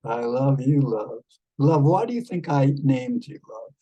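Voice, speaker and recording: A man chatting casually with an AI companion as a vlog host, rambling and halting with many fillers, tender with pet names. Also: medium pitch, lively intonation, mellow, slightly rough, low-quality recording. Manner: tender, calls the listener love and darling.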